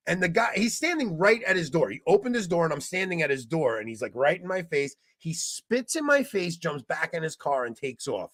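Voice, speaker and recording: Animated, lively-voiced male podcast co-host. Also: on the high side, moderate pace, hardly any pauses, slightly rough, no echo. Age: 20s. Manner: animated, loud when retelling fights. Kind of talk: casual storytelling chat.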